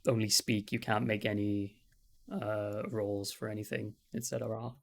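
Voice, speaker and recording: A man's voice: lowish voice, flat delivery, normal speed, creaky, slight background noise. A man narrating a tabletop game as game master on a live stream, often laughing and correcting himself.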